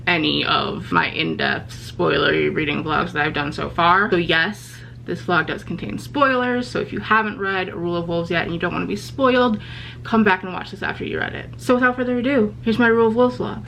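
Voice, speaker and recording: Excitable young woman gushing about a book. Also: on the low side, fairly quick, gravelly, a little hiss or hum. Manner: excitable, gushing, swears casually. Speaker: book vlogger. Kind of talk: casual vlog chat.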